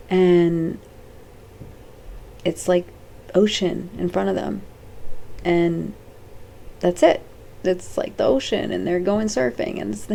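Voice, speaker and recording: A woman's voice: fairly low pitch, gravelly, dark tone, a little hiss or hum. A woman vlogger talking casually to viewers in a rambling, off-the-cuff way, with many fillers and restarts. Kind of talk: casual talk to camera.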